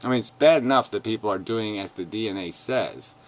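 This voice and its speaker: A man ranting angrily and profanely as he reads comments aloud, mocking them in sneering voices and swinging between shouts and mutters. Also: on the low side, brisk. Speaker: video commentator. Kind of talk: angry rant reading comments aloud.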